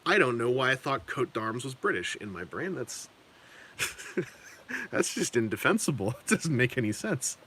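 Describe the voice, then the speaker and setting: A man's voice: medium pitch, very animated, measured pace, bright, forceful tone, slightly rough. A man casually chatting on a live stream while painting miniatures, rambling and correcting himself with chuckling asides.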